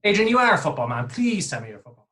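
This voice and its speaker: A man's voice: high voice, very animated, rapid-fire, bright, forceful tone. A man with an Irish accent hosting a podcast, jovial and chatty with self-deprecating humour. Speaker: podcast host. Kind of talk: casual podcast chat.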